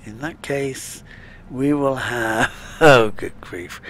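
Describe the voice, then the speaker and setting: A man's voice: medium pitch, slow pace, fairly bright tone. A man giving casual, chatty let's-play commentary, muttering to himself as he plays. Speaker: gaming channel host.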